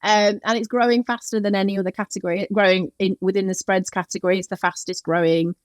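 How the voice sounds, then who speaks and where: A woman's voice: medium pitch, fairly even intonation, fast talker, no echo. A woman from Yorkshire, a food brand founder, talking casually and keenly in an interview, with many "um"s and "like"s. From Yorkshire, England. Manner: enthusiastic, with frequent "um" and "like".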